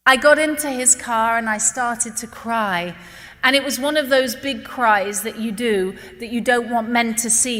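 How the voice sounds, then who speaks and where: A woman giving an animated storytelling talk to an audience, acting out the dialogue as she goes. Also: fairly high pitch, moderate pace. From Britain. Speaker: guest speaker. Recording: long reverb of a large hall.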